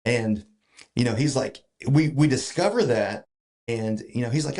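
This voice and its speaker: A man's voice: medium pitch, measured pace. A man telling a long story in a casual podcast chat, full of fillers and restarts. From Georgia, US. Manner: animated, filler-heavy retelling with many restarts. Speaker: podcast guest.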